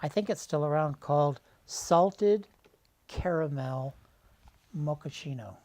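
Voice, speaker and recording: A woman from southern Vermont hosts a relaxed local talk show. Her voice sits a little low, and she chats in a friendly way, quick to answer her guest. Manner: friendly, chatty, quick reactions and laughs. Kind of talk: casual chat. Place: local community TV studio.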